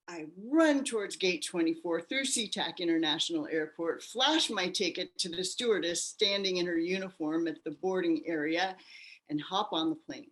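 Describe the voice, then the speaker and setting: A woman interview guest recounts her own story with animated delivery. She slips into the voices of the people she quotes, and her speaking voice sits a little on the low side. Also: normal speed. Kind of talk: personal storytelling.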